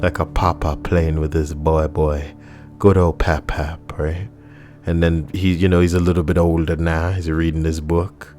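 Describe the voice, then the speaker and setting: A man's voice: deep voice, flat delivery, measured pace, darkish tone, faint music behind. A man, hosting a casual comedy video in a crude, rambling, sardonic way. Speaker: video host.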